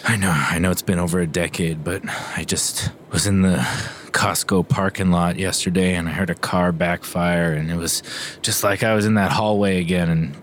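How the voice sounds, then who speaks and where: A man voicing an earnest, anxious male coach at a school for babies in an improvised comedy sketch, who shifts into high frantic cries. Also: steady tone, moderate pace, hardly any pauses, slight background noise, lightly acted. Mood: shaken. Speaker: comedy podcast co-host.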